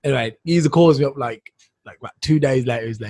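A man's voice: medium pitch, fast talker, a little mellow, breathy edge, no room sound. A man co-hosting a casual talk show, telling stories in a rambling way, restarting often and laughing through his words. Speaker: podcast co-host. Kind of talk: casual chat, storytelling.

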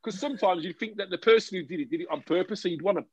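Rapid-fire and high, with a breathy edge, this man's voice carries a jokey, animated casual conversation full of restarts. It's captured on dull, dry, lo-fi audio.

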